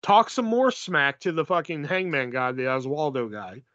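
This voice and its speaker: A man's voice: fairly high pitch, moderate pace, a bit bright, no room sound, highs cut off. A man co-hosting a podcast, retelling movie scenes in a casual, profane way. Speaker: podcast co-host.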